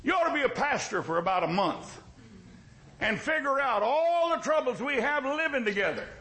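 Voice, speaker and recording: A man's voice: extremely high pitch, very animated, normal speed, pushed and bright, low-quality recording. A male pastor preaching a sermon in a folksy, joking way, with emphatic repetition.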